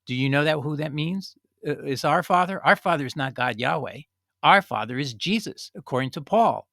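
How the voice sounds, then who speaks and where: Bright-voiced man teaching the Bible. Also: on the high side, expressive, moderate pace, gravelly, no room sound, studio quality. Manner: conversational, earnest, reads scripture aloud and explains. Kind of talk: informal Bible study talk.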